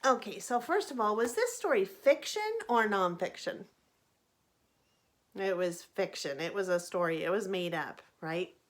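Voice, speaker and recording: A woman teacher reading a picture book aloud to children, pausing to ask them questions. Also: mid-range voice. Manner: animated, asks the listeners questions.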